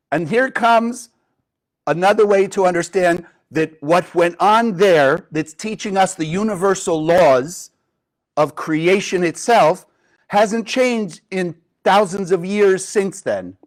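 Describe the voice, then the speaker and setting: A man's voice: high-pitched, animated, a little slow. A man teaching a group in a live class, retelling a story and asking many rhetorical questions. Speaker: Kabbalah teacher.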